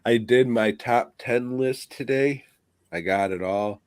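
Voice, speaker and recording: A man's voice: mid-range voice, slow pace, a little mellow, no room sound. A man co-hosting a podcast, ranting crudely and swearing constantly in casual chat. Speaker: podcast co-host.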